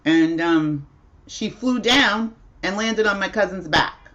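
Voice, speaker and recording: A woman's voice: mid-range voice, slow, a bit bright, lo-fi sound. A woman hosting a casual livestream at home, telling a rambling story with frequent laughs. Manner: chatty, rambling, laughs often. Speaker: livestream host.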